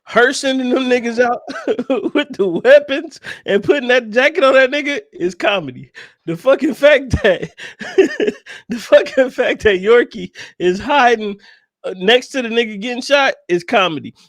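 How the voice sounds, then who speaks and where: A man's voice: very high-pitched, lively intonation, moderate pace, a bit bright, no room sound, studio quality. A man co-hosting a podcast, talking animatedly and profanely about a movie and laughing often. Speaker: podcast co-host. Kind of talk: casual movie review chat.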